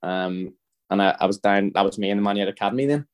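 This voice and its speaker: A man's voice: lowish voice, fast, clear, resonant tone. A Northern Irish man in his thirties, a podcast guest telling a long story in a chatty, rambling way, acting out the other people's lines. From Northern Ireland. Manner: chatty, rambling, frequent restarts and quoted dialogue. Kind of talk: casual storytelling chat.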